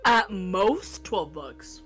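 A woman's voice: medium pitch, animated, extremely slow, faint music behind. A woman streamer chatting casually, emphatic and opinionated as she explains her views. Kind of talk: casual chat.

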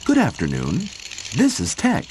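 A man's voice: medium pitch, huge pitch swings, unhurried, very noisy, pitched above the performer's own voice. A man putting on a cheerful farm woman. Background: background music.

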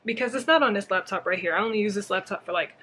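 A woman's voice: mid-range voice, racing, sharp tone, husky. A woman chatting casually in a knitting vlog, rambling with lots of fillers and talking with a slight lisp from a swollen palate. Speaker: knitting vlogger. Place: at home at a desk with a laptop.

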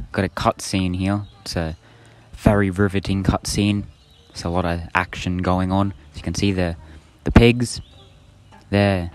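A man with a low, deep voice talks over his gameplay in a casual, offhand way. His humor is dry and self-mocking, full of deadpan sarcasm about how badly he plays. He sounds like a home video creator chatting loosely to his viewers. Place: indoors with birds outside.

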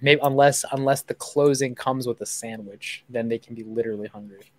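A man's voice: mid-range voice, fairly quick, no room sound, rough recording. Joking young man chatting on a livestream. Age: 20s. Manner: joking, chatty, loose banter with viewers. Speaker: host making seller calls on a livestream. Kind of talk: casual livestream chat. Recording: steady background noise.

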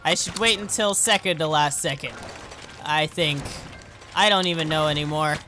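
A man's voice: fairly high pitch, normal speed, soft background music. A young man giving casual let's play commentary, talking himself through tricky jumps and yelping at every failure. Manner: excitable, yelps and shouts at fails; self-talking, rambling asides.

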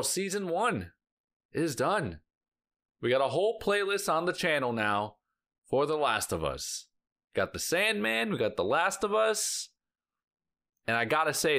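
A man's voice: medium pitch, fairly bright tone. Male reaction vlogger, casual rambling chat, lots of "like," sighs and exclamations. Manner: rambling, heavy use of filler "like"; emotional, sighing and exclaiming. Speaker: reaction channel host.

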